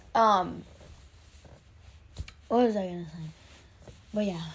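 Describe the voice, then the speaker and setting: A woman excitedly recapping an episode in a casual, rambling way, with many fillers and restarts. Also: medium pitch, very slow, breathy edge.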